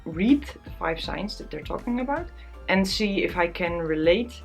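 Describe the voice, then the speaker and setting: A woman's voice: fairly low pitch, animated, normal speed, creaky, soft background music. A young woman talking candidly to camera in a casual vlog, tearful and laughing at herself. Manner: candid, self-deprecating, often laughing. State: tearful, close to crying. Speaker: vlogger.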